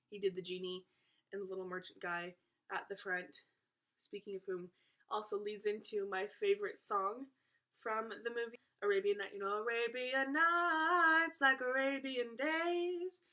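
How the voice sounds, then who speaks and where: Bright-voiced teenage girl vlogger. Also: mid-range voice. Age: teens. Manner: chatty, playful, self-aware asides. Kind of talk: casual chat to camera.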